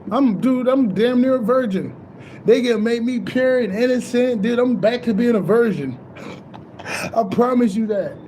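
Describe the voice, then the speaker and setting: Male spiritual vlogger, high mellow voice, rambling and profane, excitable casual monologue. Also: measured pace, a little hiss or hum.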